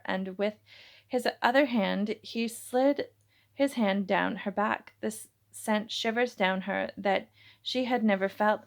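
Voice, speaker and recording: A woman reading her own romance novel aloud, halting, with frequent restarts and self-corrections. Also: medium pitch.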